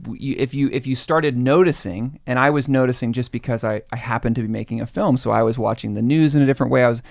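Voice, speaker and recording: Gravelly voiced guy on a podcast, thinking out loud, slow and measured. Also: medium pitch, dry recording, studio quality. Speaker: podcast guest, filmmaker. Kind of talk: casual chat.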